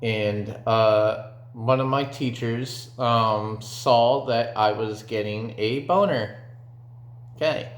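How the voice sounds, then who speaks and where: A man's voice: medium pitch, slow pace. A young man telling a story from his own life in a casual, rambling way, with lots of fillers and swearing. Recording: echoey room.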